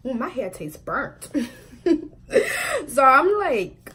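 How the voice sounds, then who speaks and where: A woman in her twenties telling a storytime vlog, talking quickly and chattily with lots of "like" fillers and frequent laughs. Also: a little high, big pitch swings, sharp tone, husky. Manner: chatty and fast, full of "like" fillers, laughs often. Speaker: vlogger.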